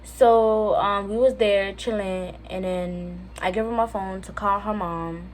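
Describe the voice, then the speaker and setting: A woman's voice: mid-range voice, measured pace. Chatty teenage girl telling a story. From Jamaica. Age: teens. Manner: chatty, lots of fillers, quotes others in lively voices. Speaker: vlogger. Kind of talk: casual storytime. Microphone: phone camera.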